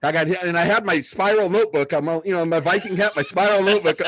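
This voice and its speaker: A man in his fifties from southern California, co-hosting a casual sports podcast and telling stories with excitement. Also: sits high, fast, no echo. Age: 50s. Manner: excitable storyteller, acts out quotes loudly. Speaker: podcast co-host.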